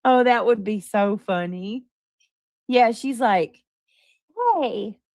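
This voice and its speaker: Woman streamer host, emphatic and defensive, mid pitch, dry close sound. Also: slow, darkish tone, no room sound. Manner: emphatic, defensive, talking to chat. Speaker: livestream host. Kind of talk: livestream chat.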